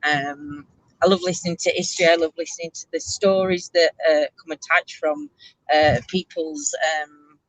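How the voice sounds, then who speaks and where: A woman's voice: low-pitched, fairly even intonation, normal speed, no echo. A woman hosting a casual ghost tour chat from inside a moving car, rambling and laughing, with lots of ums, recorded on a handheld camera. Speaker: host of a ghost tour show.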